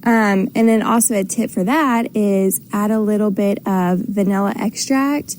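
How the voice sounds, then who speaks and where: A woman's voice: mid-range voice, measured pace, a little mellow, slight background noise. A woman calling in to a radio show, chatty and upbeat, with plenty of fillers. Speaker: caller. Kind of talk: phone-in voicemail.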